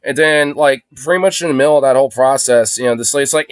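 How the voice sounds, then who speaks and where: A man's voice: mid-range voice, brisk, few pauses, clear, resonant tone, no echo. Rambling, profane man streaming casually. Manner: rambling, profane, heavy use of fillers. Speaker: livestreamer. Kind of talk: casual livestream chat. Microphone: phone.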